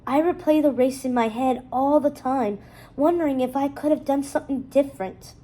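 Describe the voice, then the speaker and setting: A woman's voice: sits high, normal speed, dark tone, close to an everyday voice, rough recording. A woman doing a jokey young coach-brother. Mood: wistful. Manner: joking, coach-like pep talk. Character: cocky young adult male ex-racer brother, joking.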